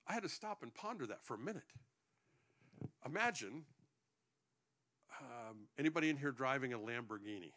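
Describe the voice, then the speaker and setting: A man's voice: medium pitch, big pitch swings, normal speed, fairly bright tone. A male pastor preaching a sermon to his congregation, joking between points and often restarting his sentences.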